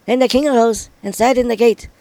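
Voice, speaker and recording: A man reading an old-style scripture passage aloud in a solemn, measured way. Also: very high-pitched, steady tone, gravelly, dark tone, no echo, rough recording. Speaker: scripture reader.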